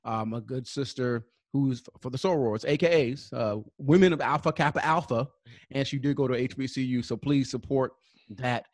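A man co-hosting a podcast, giving casual sponsor shout-outs and spelling out web addresses slowly, with many fillers. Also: medium pitch, no echo, studio quality. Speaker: podcast co-host.

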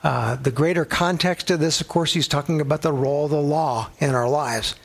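A man's voice: a little high, a little fast, gravelly. A middle-aged male pastor teaching a sermon in a conversational way, telling personal stories and using a coffee cup as a prop.

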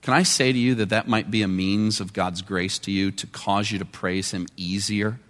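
Male pastor, conversational sermon delivery with quiet and emphatic turns, recorded in a reverberant church hall. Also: fairly low pitch, steady tone, moderate pace. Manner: conversational preaching, shifting between quiet and emphatic. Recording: long reverb of a large hall.

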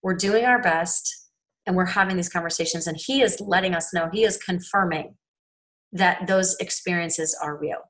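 A woman's voice: fairly low pitch, normal speed, a bit bright, poor audio. A woman co-hosting a faith podcast, speaking in an earnest, emphatic way. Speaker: podcast co-host. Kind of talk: casual faith podcast chat.

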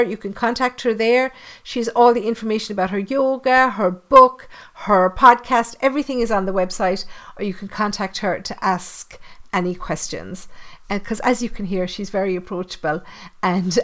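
Tipperary Irish woman, podcast host, chatty and friendly, mid-pitched everyday voice. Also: normal speed, a bit bright. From Ireland. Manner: chatty and friendly, frequent fillers. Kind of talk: casual interview chat.

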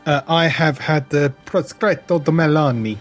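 A man talking quickly in a casual chat, recalling past meals. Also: on the high side, soft background music. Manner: quick, reminiscing.

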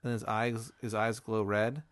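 A man hosting, spinning a deadpan improvised hypothetical in a laid-back way. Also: on the low side, measured pace, dry recording. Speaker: host.

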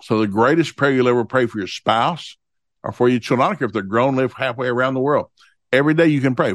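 A man teaching from the Bible in a homespun way, repeating each verse reference and reading scripture slowly. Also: medium pitch, animated, dry recording. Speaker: preacher.

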